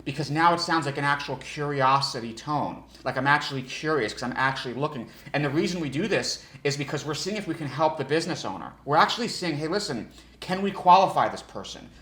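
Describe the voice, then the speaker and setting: A male sales trainer giving an energetic coaching talk who restarts his sentences and demonstrates different tones. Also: a little high, quick pace, few pauses, reverberant. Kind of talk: instructional talk.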